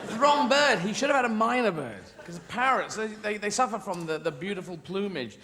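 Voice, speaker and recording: A man doing stand-up comedy, rambling and whimsical and often losing his own thread. His voice sits high and swings widely. Heavy background noise runs under everything. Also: lively intonation, a little fast. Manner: rambling, whimsical, self-interrupting.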